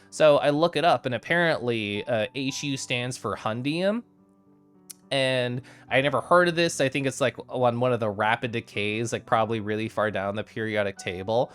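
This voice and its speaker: A man's voice: mid-range voice, moderate pace, fairly bright tone, clean tone, soft background music. A young adult man streaming, chatting casually with viewers and laughing often as he recaps a convention.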